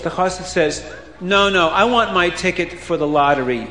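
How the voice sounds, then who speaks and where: A man's voice: high voice, normal speed. A man telling a children's story, acting out the characters' voices with lots of expression. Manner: animated, acts out characters' voices. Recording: echoey hall with faint ambience.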